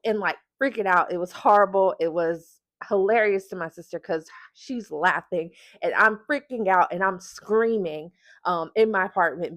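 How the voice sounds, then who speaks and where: A woman vlogger telling a story to camera in a lively, casual way, laughing often and using lots of filler words. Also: medium pitch, no echo. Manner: animated, breaks into laughter, many filler words.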